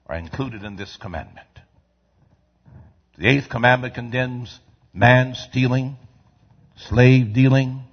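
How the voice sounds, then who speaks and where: A man preaching a sermon in a church, swinging from quiet asides to shouted lines in a call-and-response style. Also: mid-range voice, slightly rough, dull audio. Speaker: pastor. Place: church sanctuary.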